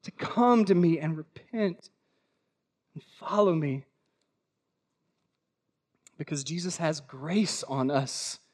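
Emphatic, high-voiced male pastor preaching. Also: expressive, takes it slowly, pauses often, darkish tone. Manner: emphatic, with rhetorical questions and repetition. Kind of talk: sermon. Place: church service.

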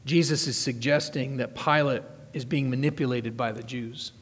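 A man's voice: medium pitch, moderate pace, few pauses. Man, pastor, sermon, reads scripture then explains, emphatic repetition, long hall reverb.

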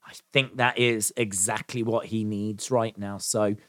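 A man's voice: on the low side, little pitch movement, unhurried, a bit bright, no room sound, studio quality. A man giving a casual spoken recap of a wrestling show as its reviewer, enthusiastic and chatty, with frequent "uh" and "um" fillers.

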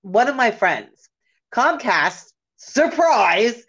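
A woman's voice: on the high side, sing-song, extremely slow, a bit bright, breathy edge, muffled recording. Woman, podcast co-host, casual chat, joking, storytelling.

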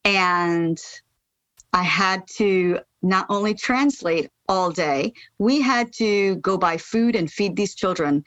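A middle-aged American woman from Pennsylvania, a charity founder telling her story as a podcast guest, lively and emphatic, jumping up in pitch when she gets fired up. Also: slow pace, no room sound, dull audio. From United States. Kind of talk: casual interview storytelling.

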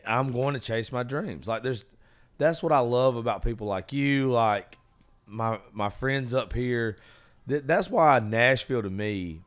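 A man's voice: medium pitch, measured pace. A man in casual chat who talks bluntly and swears a lot, and says he is losing his voice. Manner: blunt, swears freely, emphatic.

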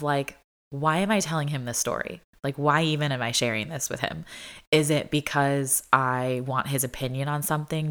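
A young adult woman vlogging in a casual, chatty way, filling her talk with "like" and laughing often. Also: sits low. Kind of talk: casual chat.

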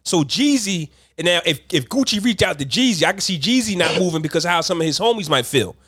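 A man's voice: high voice, animated, fast talker, a bit bright, husky, no echo, clean studio sound. A man in a casual debate chat, reasoning his point with many restarts and hedges. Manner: reasoning, hedging, restarts often.

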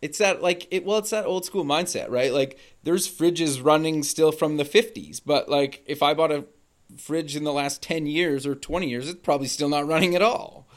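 A man's voice: on the high side, normal speed. A man hosting a podcast interview, chiming in with agreement and speaking in loose, filler-heavy phrasing. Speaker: podcast host.

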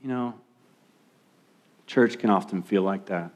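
A young adult man preaching a sermon as pastor, animated and swinging between loud emphasis and hushed asides. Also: on the low side, a little slow.

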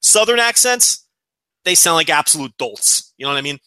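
A man's voice: on the high side, expressive, normal speed, pushed and bright, smooth, dry recording. A man with a Northeastern US accent, co-hosting a podcast in casual, blunt, opinionated chat. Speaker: podcast co-host.

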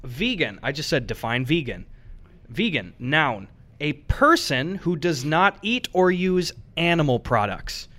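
Joking, lively higher-voiced man. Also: measured pace. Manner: joking, swears casually. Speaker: podcast co-host. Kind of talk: casual chat.

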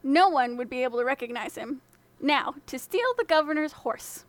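Lady reading a fairy tale podcast, higher voice, super dry close sound. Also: expressive, moderate pace, no room sound. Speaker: podcast storyteller. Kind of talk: scripted fairy tale narration.

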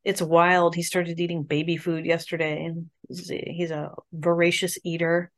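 A woman's voice: on the low side, little pitch movement, normal speed. A young adult woman, a party chair, chatting upbeat and casually as a podcast guest, with many fillers.

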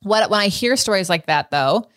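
A woman's voice: medium pitch, lively intonation, normal speed, fairly bright tone, dry recording. Chatty woman podcast host, dry sound. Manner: chatty, laughs often, frank. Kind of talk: casual interview chat.

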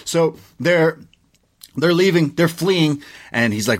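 A man's voice: fairly low pitch, moderate pace. A man co-hosting a casual movie review podcast, animatedly retelling the plot with casual swearing. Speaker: podcast co-host.

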